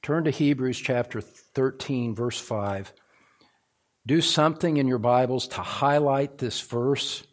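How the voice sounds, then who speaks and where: Middle-aged male pastor, sermon delivery, mid-pitched voice, swings from measured teaching to fervent emphasis. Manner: builds from calm teaching to fervent, loud emphasis.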